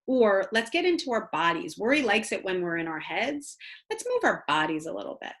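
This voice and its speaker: A woman speaks in an even, mid-range voice, talking through parenting strategies as a guest expert. She is earnest and conversational, often pausing on "um" and "you know" as she tells stories. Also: medium pitch. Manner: earnest, warm storytelling with many "um"s and "you know"s. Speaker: child psychologist guest speaker. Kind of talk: conversational talk with practical advice.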